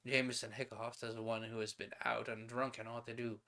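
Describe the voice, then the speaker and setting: Casting: male streamer, mid-pitched, steady story reader with offhand asides. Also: fairly quick, few pauses. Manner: reads steadily, then adds casual asides and paraphrases. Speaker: streamer reading old pulp stories aloud. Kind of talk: reading a story aloud on a stream.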